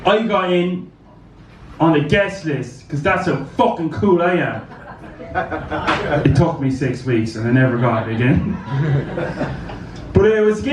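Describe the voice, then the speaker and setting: A man's voice: fairly high pitch, reverberant, far from the mic, background noise. A man doing a stand-up comedy set in a club, telling crude, rambling stories. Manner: crude, rambling anecdotal delivery.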